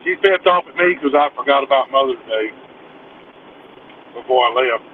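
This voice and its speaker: A man's voice: medium pitch, moderate pace. A man chatting frankly and offhandedly as a guest on a livestream. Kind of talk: casual livestream chat. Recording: lo-fi call audio with faint noise.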